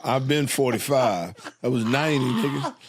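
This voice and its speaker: A man's voice: medium pitch, normal speed, a loud crowd. A man, a guest comedian, telling stories in casual chat, laid-back and profane, laughing as he talks.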